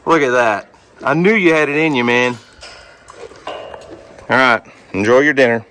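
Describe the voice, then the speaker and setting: A man's voice: medium pitch, measured pace, pauses often, fairly bright tone, slight background noise. A man chatting casually and jokingly to his farm animals outdoors at a barn. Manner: joking, coaxing, talks to animals like pals. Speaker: homesteader vlogger.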